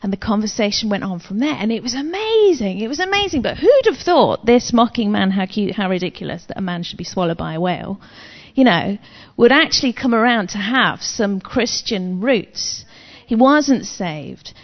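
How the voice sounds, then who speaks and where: A woman's voice: a little high, sing-song, normal speed, few pauses. A woman sharing a personal faith testimony in a chatty, frank, self-deprecating manner, like a sermon. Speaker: Christian speaker. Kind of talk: testimony-style preaching. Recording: long reverb, dull lo-fi sound.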